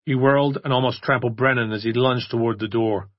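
A man reading an audiobook in steady scripted narration, on a dry, dull recording. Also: medium pitch, a little fast, no room sound.

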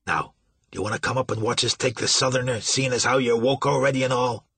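A man voicing a gruff, blustering older steamboat captain who talks loud and blunt in a folksy drawl, with a husky voice. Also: mid-range voice, fairly even intonation, fast.

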